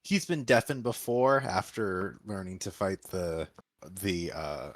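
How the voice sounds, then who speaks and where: Low-voiced man, hesitant tabletop player. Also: slow, no echo. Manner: hesitant, thinking aloud. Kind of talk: describing his character's turn in a tabletop game.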